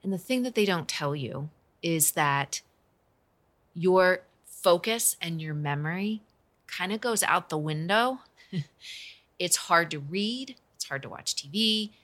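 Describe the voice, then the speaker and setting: A woman in her forties speaks in an earnest, conversational way as she tells a personal story. Her voice sits low, but its tone is bright and forceful. She coaches business owners. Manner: earnest, emotional, conversational with restarts.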